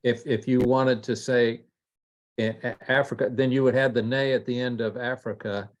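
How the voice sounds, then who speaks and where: A man's voice: mid-range voice, steady tone, normal speed. A man, a student in an online class, carefully asking his teacher a question over a video call.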